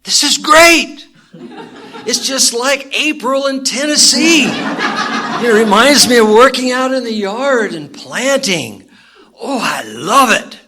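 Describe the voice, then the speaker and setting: A man voicing a cheerful, endlessly happy Tennessee man who speaks with high, loud, laughing delight in a sermon joke. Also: expressive, takes it slowly, slight background noise, full character voice.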